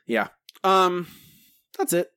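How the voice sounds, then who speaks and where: A man hosting a podcast, reading listener answers aloud in a relaxed, chatty way with some self-corrections. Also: high voice, slow, clean tone, dry recording. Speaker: podcast host.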